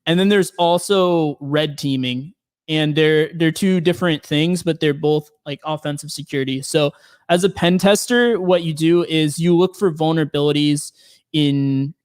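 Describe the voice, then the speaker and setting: This man, a penetration tester, is a guest on a casual podcast, explaining his work with plenty of fillers and restarts. His voice sits on the high side, a little mellow and smooth, at a normal speed. The recording is clean studio sound with no echo.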